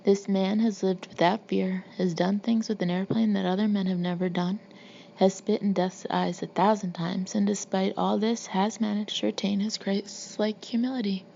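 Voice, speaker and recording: A woman reading the part of a loud, boastful Marine colonel who mocks everyone around him. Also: medium pitch, little pitch movement, moderate pace, vocal fry, highs cut off, slight background noise, natural voice. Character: brash hulking male Marine colonel, swaggering.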